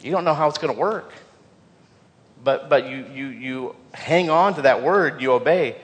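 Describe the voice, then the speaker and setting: A man's voice: medium pitch, normal speed, big-room sound. A man preaching a sermon as pastor, earnest, repeating key phrases for emphasis and often stumbling over repeated words.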